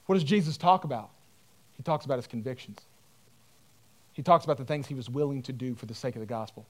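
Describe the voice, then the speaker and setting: A man's voice: medium pitch, quick pace. A man preaching a sermon as pastor, earnest and emphatic, in casual everyday speech.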